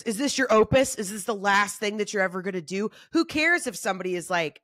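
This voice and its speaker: A woman comedian talking in a casual solo monologue, animated and swearing freely, acting out other people's voices. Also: a little fast, hardly any pauses, no room sound, clean studio sound. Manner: acts out quoted voices in shifting pitch. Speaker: comedian and podcast host.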